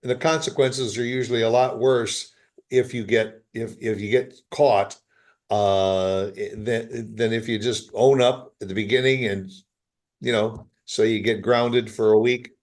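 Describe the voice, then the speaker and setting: A man's voice: lowish voice, steady tone, a little slow, darkish tone. Easygoing male podcast co-host, casual chat.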